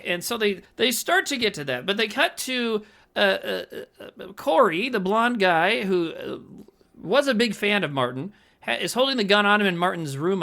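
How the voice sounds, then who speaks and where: A man's voice: high-pitched, vocal fry. A man co-hosting a podcast, chatting casually about a movie, laughing often and acting out scenes. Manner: animated, laughs often, acts out scenes in quick voices. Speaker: podcast co-host. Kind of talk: casual movie-review chat.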